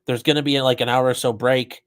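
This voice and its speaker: His middle-pitched voice is level, fairly bright and a little fast. Hosting a live stream commenting on a trial, he reads chat questions aloud and answers off the cuff in a blunt, chatty, freely profane way.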